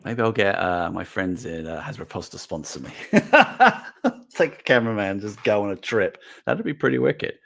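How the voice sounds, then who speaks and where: A middle-aged man hosts a casual livestream, chatting and reading out comments as an animated, rambling storyteller. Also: on the low side, a little fast, gravelly, hardly any pauses. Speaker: host.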